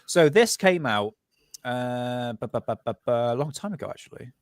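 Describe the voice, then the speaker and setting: A man's voice: mid-range voice, lively intonation, moderate pace, no room sound, clean studio sound. A man co-hosting a podcast in a laid-back, chummy way. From New Zealand. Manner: laid-back, chummy, says mate a lot. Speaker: podcast co-host. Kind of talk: casual podcast chat.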